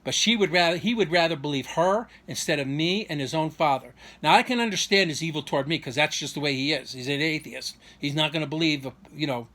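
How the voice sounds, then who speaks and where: A man's voice: on the high side, fairly quick, hardly any pauses, bright, forceful tone. A man telling a long personal story in a vlog, aggrieved and rambling, with many restarts and asides. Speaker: vlogger.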